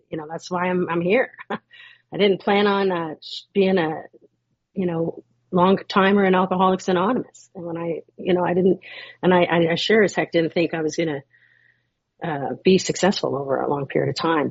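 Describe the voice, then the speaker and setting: Guest speaker: middle-aged woman, deep and breathy, rambling and grateful, muffled call audio. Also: no echo. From Canada. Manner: rambling, warm and grateful, with many restarts and fillers. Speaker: guest speaker at a recovery meeting. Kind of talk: personal share at a support meeting.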